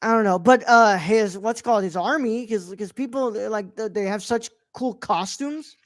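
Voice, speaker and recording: A man co-hosting a podcast, chatting casually and excitedly, swearing and laughing often. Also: high voice, normal speed, no echo, clean studio sound. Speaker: podcast co-host. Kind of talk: casual review chat.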